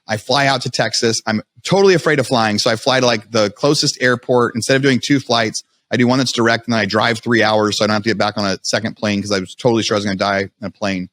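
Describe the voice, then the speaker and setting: Fast-talking man telling his story. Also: mid-range voice, no echo, studio quality. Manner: fast, animated retelling with frequent restarts and quoted self-talk. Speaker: podcast guest. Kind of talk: storytelling in a podcast interview.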